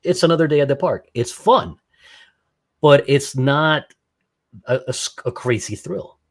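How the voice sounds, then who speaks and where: A man's voice: a little high, lively intonation, unhurried. A man being interviewed as a guest, talking in a casual, enthusiastic and rambling way, often breaking off and asking "right?". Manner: enthusiastic, rambling, with many restarts and "right?" tags. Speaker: podcast guest, skydiver and ham radio operator.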